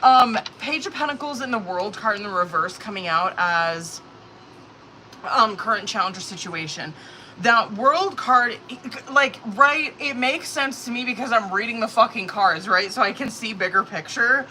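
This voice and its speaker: A woman's voice: a little high, normal speed, pushed and bright, slight background noise, rough recording. A woman doing a live-stream tarot reading, talking casually with lots of swearing and filler words, getting nervous as she pulls cards. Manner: casual, profane, filler-heavy, anxious reactions. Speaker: tarot reader.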